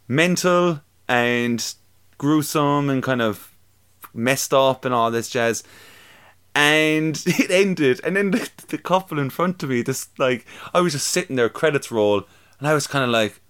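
A man's voice: mid-range voice, a bit bright. Chatty young man, laughing. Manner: chatty, laughing, swearing freely. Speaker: podcast co-host. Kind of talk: casual chat reviewing films.

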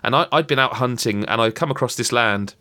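A man's voice: mid-range voice, a little fast, pushed and bright. A man in casual chat, rambling through a story with restarts and acted-out quotes. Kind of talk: casual chat about a video game.

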